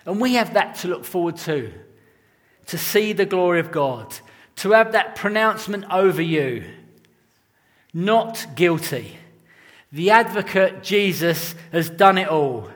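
A man's voice: sits high, expressive, moderate pace, a bit bright, long reverb tail. A man preaching a sermon in an earnest, conversational way, mixing scripture with personal stories. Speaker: pastor.

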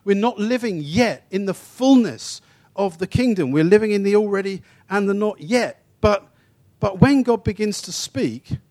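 A man's voice: high-pitched, mellow. Man preaching in a chatty, stumbling way. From England. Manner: informal and anecdotal, with repeated restarts and stumbles; shifts between quick asides and slow, emphatic phrases. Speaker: traveling preacher. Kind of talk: conversational sermon teaching.

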